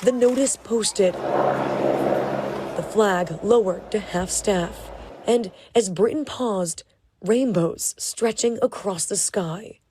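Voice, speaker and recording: A woman's voice: medium pitch, big pitch swings, takes it slowly, background noise. A woman reading a scripted news report as its narrator.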